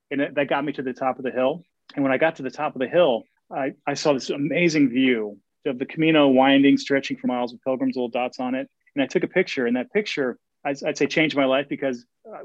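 A man telling stories as an interview guest, eager and quick, often repeating words as he restarts sentences. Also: mid-range voice, dry recording. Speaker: guest, Camino walker and author. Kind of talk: casual interview storytelling. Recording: dull, dry lo-fi sound.

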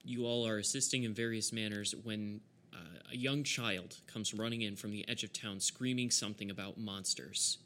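A man with a lowish, bright, forceful voice narrates a tabletop game as game master. He sets the scene in an easygoing way, chuckling often and pausing on fillers. Faint noise sits under his voice. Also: fairly even intonation.

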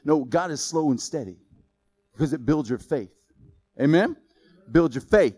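Male pastor, high voice, lively joking sermon, questions to the congregation. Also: normal speed, slightly rough.

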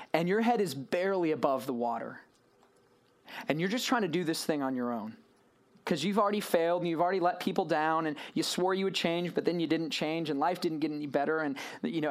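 A man preaching a sermon to a room, telling a story with lively swings in voice and acting out the people in it. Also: fairly high pitch.

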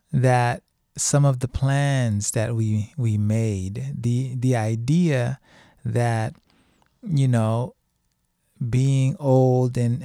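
A man's voice: mid-range voice, dark tone, no room sound, studio quality. A middle-aged man speaking in a casual, emphatic monologue, repeating phrases for stress as a podcast host.

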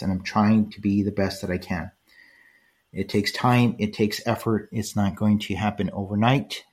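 An older man hosting a solo podcast, talking casually and rambling, often checking in with "right?" and lots of fillers. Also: lowish voice. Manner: conversational, rambling with frequent "right?" tags and fillers. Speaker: podcast host.

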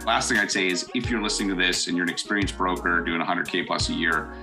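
A man's voice: sits low, steady tone, fast, music in the background. A middle-aged man hosting a podcast, giving blunt, emphatic advice and repeating his points for stress. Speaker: podcast host. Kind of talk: casual podcast monologue.

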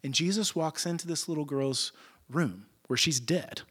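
Guy preaching, slangy animated storytelling, slightly high voice. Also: moderate pace, husky. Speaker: pastor. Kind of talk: sermon.

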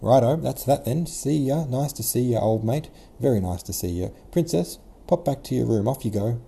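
A man's voice: on the low side, a little fast, dark tone, slightly rough. A man voicing a stern old prince who barks curt orders and repeats himself. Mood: dismissive. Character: stern shouting old prince, gruff father.

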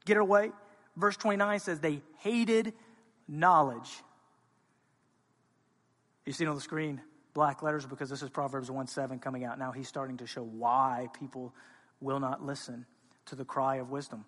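A man preaching a sermon as a pastor, speaking with passion and moving between quiet, intimate stretches and loud, urgent ones. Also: medium pitch, fairly even intonation, moderate pace, pauses often, in a large hall. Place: church sanctuary.

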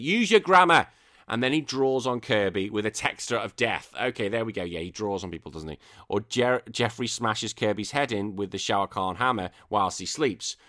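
A man's voice: medium pitch, a bit bright. A man hosting a casual podcast, reading comments in an exasperated, ranting, sweary way. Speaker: podcast host.

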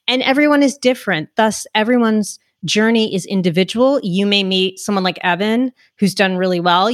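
A woman's voice: medium pitch, no echo, clean studio sound. Chatty New Jersey woman hosting a podcast. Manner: upbeat, chatty, reads definitions aloud. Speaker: podcast host. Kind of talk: podcast interview.

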